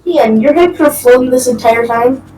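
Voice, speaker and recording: A woman's voice: high-pitched, brisk, echoey room, far from the mic, a crowd in the background, low-quality recording. A woman playing along in a role-play game, incredulous and exasperated. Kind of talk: casual role-play banter.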